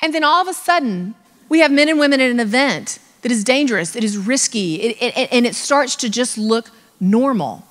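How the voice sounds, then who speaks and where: A woman giving a humorous, animated motivational talk as a keynote speaker, acting out voices and joking with the audience. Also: fairly high pitch, brisk. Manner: animated, acts out voices, jokes with the crowd. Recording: long hall reverb.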